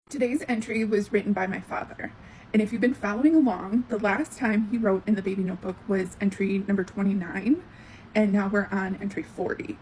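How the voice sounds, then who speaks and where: A woman in her forties with a mid-pitched voice reads old handwritten entries aloud at an unhurried pace. Between passages she pauses to reflect, halting and thinking out loud with lots of filler words. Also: steady tone, slight background noise, low-quality recording. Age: 40s. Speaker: host. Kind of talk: reading aloud a parent's old notebook and reflecting.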